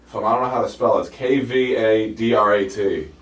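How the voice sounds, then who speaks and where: A man's voice: lowish voice, steady tone, a little fast, roomy sound, recorded from a distance. A man co-hosting a live show, reading viewer questions aloud with dry, teasing remarks. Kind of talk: casual live-stream chat.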